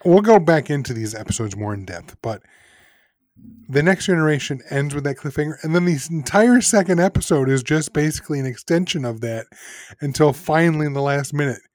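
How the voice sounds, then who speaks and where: A man co-hosting a casual podcast, sarcastic and quick to laugh and swear as he critiques. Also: on the high side, expressive, a little mellow, dry recording, studio quality. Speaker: podcast co-host.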